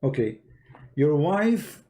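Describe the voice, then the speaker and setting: A man's voice: on the high side, big pitch swings, takes it slowly, dark tone. A man hosting a confrontational live debate, boastful and sarcastic. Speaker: debate streamer.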